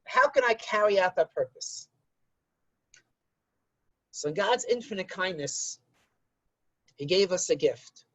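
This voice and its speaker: A rabbi giving a conversational religious lesson and telling a story to illustrate it. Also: male voice, high voice, lively intonation, slow pace, long pauses, a bit bright, no echo, poor audio.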